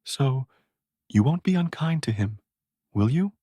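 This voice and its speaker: A man voicing a calm commanding knight. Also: fairly low pitch, unhurried, dry recording.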